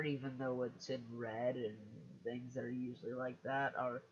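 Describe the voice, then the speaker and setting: A man's voice: mid-range voice, flat delivery, moderate pace, a bit bright, husky, dull audio. A man chatting casually on a live stream, hesitant and self-mocking, often restarting his sentences.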